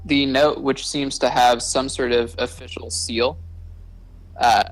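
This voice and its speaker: A man narrating a tabletop game as game master, slow and hesitant with many pauses and filler sounds. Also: medium pitch, level tone, rough recording.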